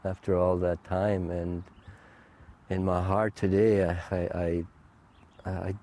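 A middle-aged man giving a personal faith testimony, halting and heartfelt, with many fillers and restarts. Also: low-pitched, level tone, warm tone, a little hiss or hum. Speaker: guest sharing a testimony.

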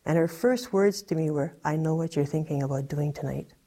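A woman's voice: low voice, a little fast, warm tone. A woman telling her personal testimony in a conversational way, full of fillers like "like" and "you know". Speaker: guest giving a testimony.

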